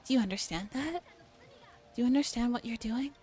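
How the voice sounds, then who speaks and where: The voice of a furious teenage girl in a dramatic novel reading, read by a woman. She sounds cold and biting, on a slightly high voice, with soft music playing underneath. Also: a little fast, natural voice. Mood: scornful.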